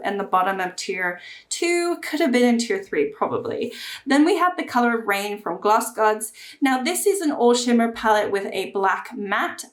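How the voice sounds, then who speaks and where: A woman's voice: a little high, roomy sound. A woman reviewing and ranking makeup palettes in a casual chat to camera, chatty and prone to gushing. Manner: chatty, gushing, bursts of excitement. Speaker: beauty YouTuber.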